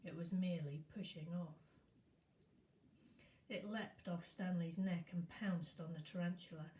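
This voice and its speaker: A woman teacher reading a novel aloud in a steady storytelling manner. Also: fairly low pitch, a little slow, a little hiss or hum. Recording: echoey room.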